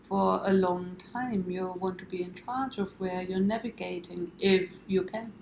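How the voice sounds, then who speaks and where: Woman guest, kinda gravelly voice, thoughtful explaining, echoey room. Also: lowish voice, steady tone, a little slow, a little hiss or hum. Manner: reflective, explains with imagery. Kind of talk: conversational interview.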